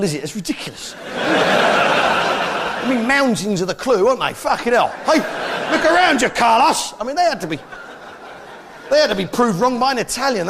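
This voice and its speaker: An English man doing live stand-up comedy in a brash, blustering way, full of tag questions. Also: high-pitched. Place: theatre stage before a live audience. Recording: live show with crowd laughter and noise.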